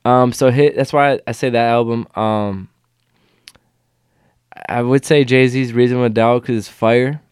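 Smooth-voiced laid-back cursing man. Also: medium pitch, steady tone, a little slow, pauses often, darkish tone, no echo, clean studio sound. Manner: laid-back, profane, full of fillers and restarts. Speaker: podcast guest. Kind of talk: casual chat.

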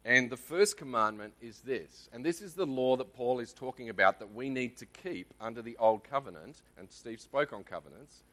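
A man's voice: medium pitch, animated, normal speed, hardly any pauses, sharp tone. An Australian man giving a conversational Bible teaching in church, often checking in with the congregation. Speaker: lay preacher.

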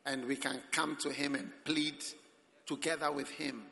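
A man preaching a sermon as pastor at a church service, animated and breaking into sudden shouts. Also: fairly high pitch, normal speed. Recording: reverberant hall.

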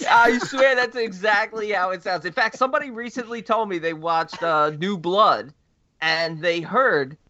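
A man co-hosting a casual movie chat, eager and quick to laugh, acting out scenes. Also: high-pitched, pushed and bright, dull audio. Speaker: podcast co-host.

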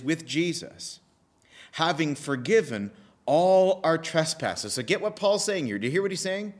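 A man preaching a sermon, emphatic and animated, repeating key phrases with pauses. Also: fairly high pitch. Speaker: pastor.

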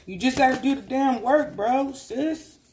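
A tarot reader speaks straight to the listener in a relaxed, street-casual reading. The voice is warm and mellow, and the talk loops and repeats itself as it coaxes and urges. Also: high-pitched, unhurried, slight background noise. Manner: loose, repetitive, coaxing, street-casual.

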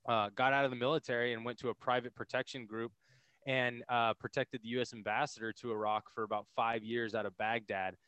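A man in his thirties from the United States, a podcast guest telling his story in an energetic, casual way and acting out other people's lines. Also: medium pitch, brisk, clear, resonant tone, dry recording. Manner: energetic, laughing, acts out quotes. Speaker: podcast guest, military veteran.

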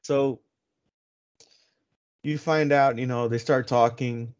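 A man co-hosting a casual podcast, animated and laughing often, retelling scenes with lots of swearing in a dull lo-fi recording. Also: mid-range voice, slow, clean tone. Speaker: podcast co-host. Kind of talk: casual film chat. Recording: dull lo-fi sound.

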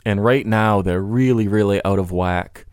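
Male podcast guest, low pitch, rambling and filler-heavy, dry close sound. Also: moderate pace, darkish tone, smooth, no room sound. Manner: rambling, many restarts and "you know" fillers. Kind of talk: casual podcast conversation.

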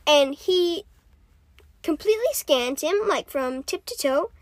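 Woman podcast co-host, very high voice, chatty and giggly, dry close mic. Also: lively intonation, measured pace, dry recording. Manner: chatty, giggly, lots of fillers. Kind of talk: casual podcast recap.

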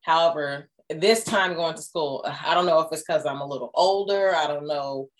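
Easygoing lower-voiced woman guest. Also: moderate pace. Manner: easygoing, chatty. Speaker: guest musician. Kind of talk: casual chat.

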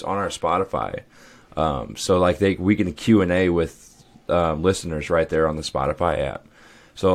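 A young adult man co-hosting a podcast, telling loose stories with laughs and swearing. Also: low-pitched. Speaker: podcast co-host. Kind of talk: casual chat.

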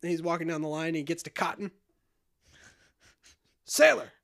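A man casually retelling a film scene by scene, animated and jokey. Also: on the high side. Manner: animated retelling, quick shifts into character voices and quotes. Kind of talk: casual movie recap chat.

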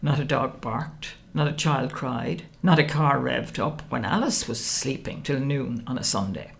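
A woman reading a first-person novel aloud, wry and expressive. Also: extremely low pitch, a little slow, creaky. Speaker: audiobook narrator.

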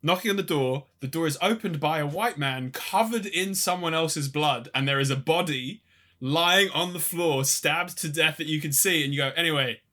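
A man's voice: a little high, normal speed, bright, forceful tone. A man co-hosting a casual film podcast, telling stories with a laugh and acting out scenes. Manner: laughing, storytelling, acts out quotes. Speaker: podcast co-host.

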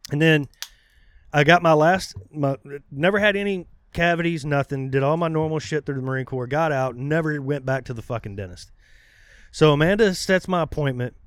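A man in his thirties telling a profane, animated story in casual podcast chat. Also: a little high, moderate pace, dry recording. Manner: profane, animated, acts out quoted voices.

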